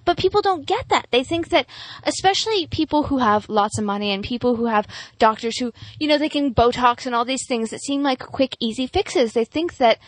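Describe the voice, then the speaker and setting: A woman's voice: sits high, no echo. A woman co-hosting a casual chat, talking in an emphatic, opinionated way and often repeating herself. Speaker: podcast co-host.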